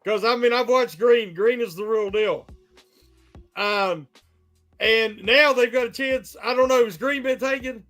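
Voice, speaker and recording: A man with a very high voice joins a sports podcast as a guest, hesitant and full of fillers. Faint music plays behind him. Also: a little slow, fairly bright tone. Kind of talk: casual sports chat.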